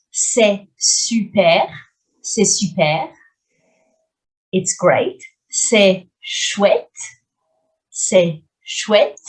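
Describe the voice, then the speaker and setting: In a video lesson, a woman with a fairly low voice teaches French phrases, speaking clearly and deliberately and repeating each one slowly so learners can catch the pronunciation.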